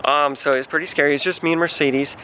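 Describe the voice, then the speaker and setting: A man's voice: a little high, fairly even intonation, fast talker, pushed and bright, slight background noise. A young man vlogging, telling a story in a chatty, dramatic way and often saying "like". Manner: chatty, dramatic, heavy use of "like". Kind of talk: casual storytelling to camera.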